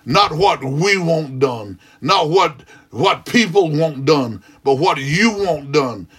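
A man's voice: a little high, a bit bright, husky. A man praying aloud as a pastor, fervent and rhythmic, with frequent "hallelujah" interjections. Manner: repetitive, rhythmic preaching cadence. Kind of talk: extemporaneous prayer.

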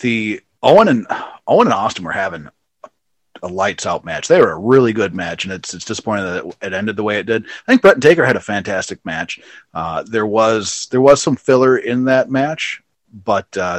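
A man casually chatting as a podcast co-host, laughing often and acting out quotes in a high, shouted voice. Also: animated, fairly quick, no echo. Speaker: podcast co-host reviewing wrestling. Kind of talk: casual chat.

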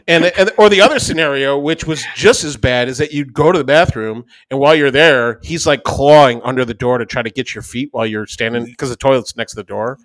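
A man co-hosting a podcast, telling a profane, animated anecdote in casual chat. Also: a little high, no echo. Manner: animated, profane, fast-rambling anecdote with acted-out quotes. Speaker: podcast co-host.

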